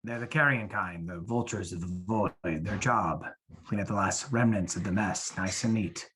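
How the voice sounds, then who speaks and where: A man's voice: low-pitched, moderate pace, a bit bright, husky. A man voicing a menacing dead opal miner with a South African accent, cold and coaxing in an online play reading. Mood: coaxing menace.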